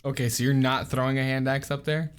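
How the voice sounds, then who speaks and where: A man's voice: medium pitch, level tone, quick pace, clean tone. A man running a tabletop game as dungeon master, talking casually with lots of fillers. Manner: casual, laid-back, filler-heavy.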